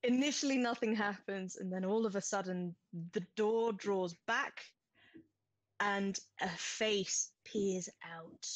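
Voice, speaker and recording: A woman's voice: medium pitch, slow pace, no echo, poor audio. A woman narrating a tabletop game as game master, describing scenes at length with many restarts.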